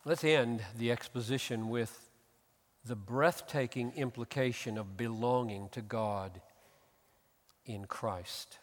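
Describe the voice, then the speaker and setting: A middle-aged man preaching a sermon as pastor, building from calm explanation to loud, emphatic peaks. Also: mid-range voice, takes it slowly, big-room sound. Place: church.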